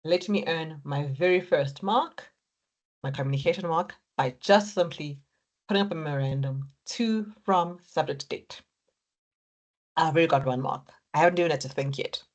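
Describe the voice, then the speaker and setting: Woman lecturer, low voice, encouraging, walks students through steps. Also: normal speed. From Africa. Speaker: accounting lecturer. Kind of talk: exam technique lecture.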